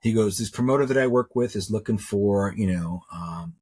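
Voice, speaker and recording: The speaker is a middle-aged man, a metalsmith making jewelry, recounting his story as an interview guest in a casual, wandering way. He repeats words and acts out what others said. His voice is on the low side, husky and darkish, at a moderate pace.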